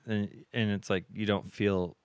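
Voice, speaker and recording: Podcast co-host, man, deep and smooth voice, rambling storyteller, dry close mic. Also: little pitch movement, a little slow, dry recording. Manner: rambling storyteller, lots of fillers. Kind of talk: casual chat.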